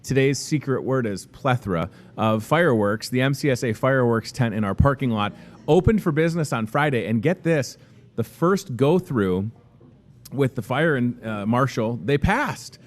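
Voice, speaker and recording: A man's voice: mid-range voice, animated, moderate pace. Chatty upbeat man hosting. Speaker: store show host. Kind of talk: casual store announcements and interview. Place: grocery store restaurant, indoors.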